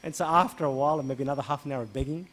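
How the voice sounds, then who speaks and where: Animated priest telling a story. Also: male voice, racing. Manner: animated, re-enacts dialogue with rising pitch and volume. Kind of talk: storytelling interview answer.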